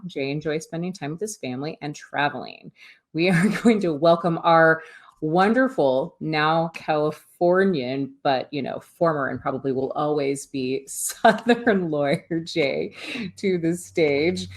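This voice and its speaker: A woman's voice: deep voice, expressive, measured pace. A woman hosting an online event, introducing a speaker in a bubbly, giggly way. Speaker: event host. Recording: faint music behind.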